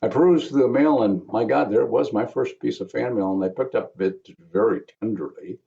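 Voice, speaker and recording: A man's voice: medium pitch, fairly quick, gravelly, dark tone, dull audio. A man in his seventies giving a remembrance speech as a guest speaker, telling a personal story with wry asides. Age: 70s.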